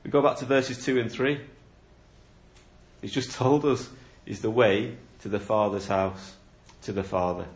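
A man's voice: on the low side, fairly even intonation, measured pace. A man preaching a sermon, explaining a Bible passage in an earnest, questioning way. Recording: echoey room.

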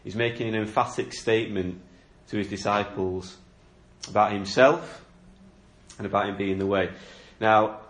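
Guy preaching a sermon, kinda low voice, earnest, lots of "isn't it?", roomy echo. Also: steady tone, normal speed. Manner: earnest, explanatory, rhetorical questions. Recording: echoey room.

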